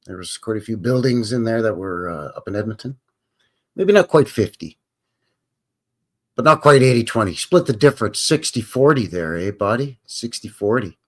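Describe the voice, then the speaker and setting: A man's voice: lowish voice, expressive, fairly quick, hardly any pauses, fairly bright tone. A Canadian man hosting a livestream, chatting casually in a rambling, jokey way. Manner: rambling and jokey, tags lines with "eh, buddy". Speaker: livestream host.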